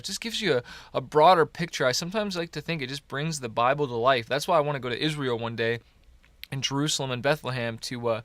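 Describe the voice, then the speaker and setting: A man's voice: on the high side, fairly bright tone, no room sound. A man in his thirties from Canada, hosting a motivational podcast in a rambling, encouraging way, tired early in the morning. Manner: upbeat, rambling, encouraging, with many fillers. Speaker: podcast host. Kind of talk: casual motivational podcast talk.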